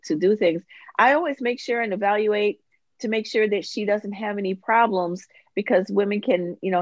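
A woman gynecologist on a panel discussion, talking in a halting way with many restarts and fillers over a video call. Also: fairly low pitch, no room sound, muffled recording. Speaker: obstetrician-gynecologist guest.

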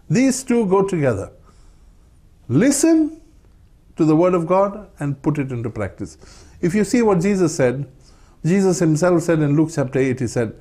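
Man preaching with lively rising emphasis. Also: sits high. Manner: emphatic, rising on key words, quoting scripture. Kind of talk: sermon.

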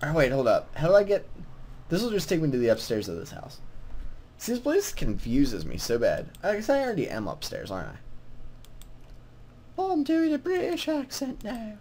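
A man's voice: mid-range voice, wildly swooping pitch, fairly quick, a little mellow, slight background noise. A young man casually commenting while playing a quest, rambling and self-mocking, often confused. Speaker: gamer playing through a quest. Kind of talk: casual let's-play commentary.

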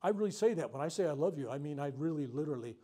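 Animated storytelling reverend, a man. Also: fairly high pitch, racing. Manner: animated storytelling, loud outbursts at dramatic moments; frank, unscripted, heartfelt. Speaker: reverend leading a self-healing workshop. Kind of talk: storytelling talk to a live group. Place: workshop room with a live audience.

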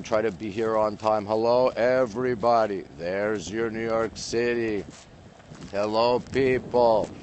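Male livestream host on a phone outdoors, cold and chatty, greeting viewers by name; mid-pitched voice with faint noise behind. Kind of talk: casual live-stream chat greeting viewers. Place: outdoors on a windy city rooftop at night.

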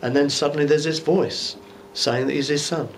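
A man's voice: a little high, fairly even intonation, moderate pace, a little hiss or hum. Man giving a chatty Bible teaching. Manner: conversational and musing, with rhetorical asides. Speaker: bishop preaching. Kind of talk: informal Bible teaching sermon. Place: church.

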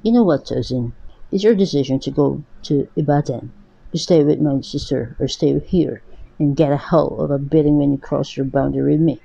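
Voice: mid-range voice, moderate pace, creaky, warm tone, slightly rough. A storyteller voicing an angry, drunk middle-aged father who speaks in a harsh, accusing way, in a storybook reading. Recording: dull lo-fi recording.

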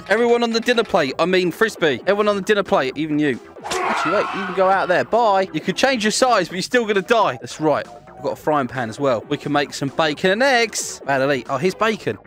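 A man's voice: sits high, lively intonation, brisk, fairly bright tone, soft background music. A young man hosting a gaming video, giggling and teasing players as he plays. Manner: giggly, teasing, laughs often. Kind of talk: playful gameplay commentary.

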